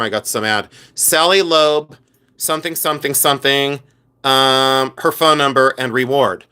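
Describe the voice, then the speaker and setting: A man chats to his live-stream viewers in a loose, campy, animated way, reacting to their comments as he talks. His voice is bright and forward, pitched in the middle for a man. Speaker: podcast host and jewelry collector. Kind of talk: casual live-stream chat.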